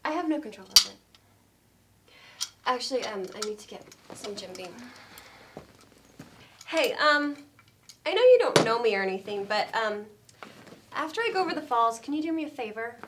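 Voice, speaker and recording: An actress playing a bitter, suicidal middle-aged woman who speaks in a dry, deadpan way, hesitant with ums. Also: fairly high pitch, moderate pace, long pauses. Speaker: actor in a scene. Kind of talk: stage comedy scene. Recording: faint noise in a training studio.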